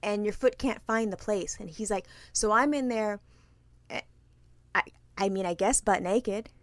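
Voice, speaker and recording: A woman's voice: mid-range voice, unhurried, no room sound. A woman in her thirties, a podcast co-host telling a story in casual chat, blunt and profane, breaking into hard laughter.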